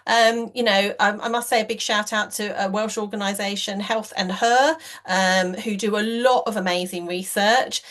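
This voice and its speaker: A woman's voice: medium pitch, steady tone, moderate pace, fairly bright tone. A woman hosting a podcast interview, chatting enthusiastically with lots of fillers. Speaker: podcast host. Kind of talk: conversational interview.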